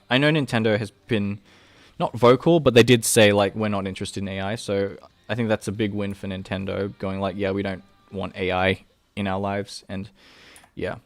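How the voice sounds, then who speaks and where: A man's voice: lowish voice, no echo. A young man with an Australian accent, chatting casually on a live stream as he animates, rambling with many fillers and restarts. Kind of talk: casual livestream chat.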